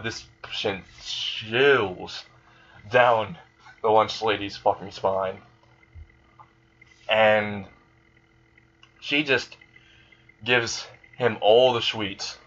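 A man's voice: fairly low pitch, fairly bright tone, dull audio. A man casually telling an improvised fan story, rambling and swearing as he goes.

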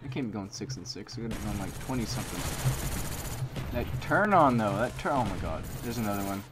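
A man's voice: on the low side, expressive, a little fast, noisy background. A young man giving live gameplay commentary, reacting and muttering to himself, repeating phrases as he plays. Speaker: gaming commentator. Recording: game gunfire loud behind voice. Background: game gunfire and explosions.

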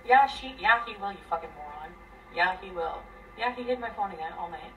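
A woman venting a tangled relationship story, profane and rambling, her voice swinging between loud bursts and near mutters. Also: lowish voice, expressive, fairly quick, distant mic, slight background noise, rough recording. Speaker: guest telling her story. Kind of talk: emotional venting.

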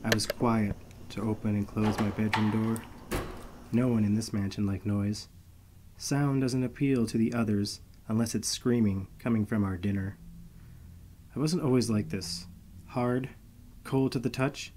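A man narrating a first-person story in a steady, measured reading voice. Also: fairly low pitch.

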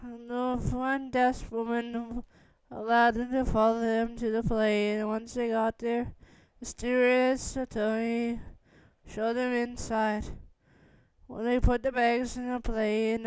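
A woman reading a fan story aloud in a halting, rambling way. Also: on the high side, level tone, a little mellow, clean tone, no room sound. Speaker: fan fiction reader.

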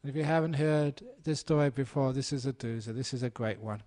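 A man's voice: medium pitch, brisk, a little mellow. A man, a Buddhist monk, giving a humorous dharma talk and telling a story. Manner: storytelling, playful, does animal sounds.

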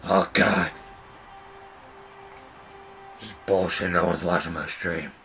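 A man voicing Batman while streaming a game, gruff, boastful and swearing. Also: low voice, fairly even intonation, slow, pushed and bright, soft background music, full character voice. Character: gravelly growling male Batman, brooding and tough. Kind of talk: streaming gameplay in character.

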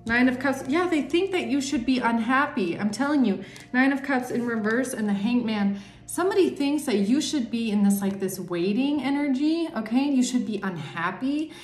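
A woman's voice: a little high, animated, normal speed. Chatty woman reading tarot, roomy echo. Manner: chatty, emphatic, acts out imagined people's thoughts. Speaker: tarot reader. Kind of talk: casual tarot reading to camera. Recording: roomy echo with faint music.

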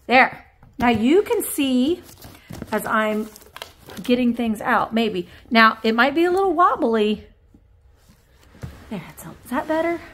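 A woman antique reseller talks through a casual unboxing vlog with a high, bright-sounding pitch and a slow, easy pace. She chats to her viewers and even to the items she pulls out, breaking into excited exclamations. Faint clicks and light noise sit under her voice. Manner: chatty, easily excited, talks to viewers and objects. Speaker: antique reseller and shop owner. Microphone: camera on a tripod.

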